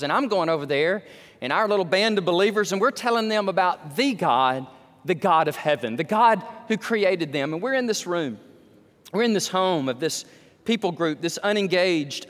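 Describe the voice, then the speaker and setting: A man preaching a sermon, telling stories that climb to excited, emphatic peaks. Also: sits high, big-room sound.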